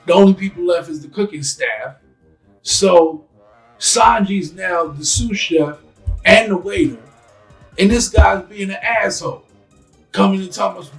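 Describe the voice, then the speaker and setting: A man hosting a casual podcast, telling stories in a loose, animated way and acting out scenes in quick voices. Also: sits high, gravelly, faint music behind, rough recording. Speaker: podcast host. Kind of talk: casual chat.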